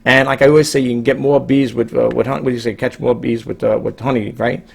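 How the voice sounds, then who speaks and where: With a medium-pitched, breathy voice, vocal fry, little pitch movement and a quick pace, the middle-aged online reseller from New York speaks casually to his viewers on camera. He rambles and stresses points, looping back on himself and restarting sentences.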